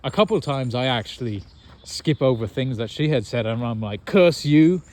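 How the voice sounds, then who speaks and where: A young American man tells an animated, self-mocking story in casual chat, laughing often. His voice is medium-pitched and he speaks fairly quickly.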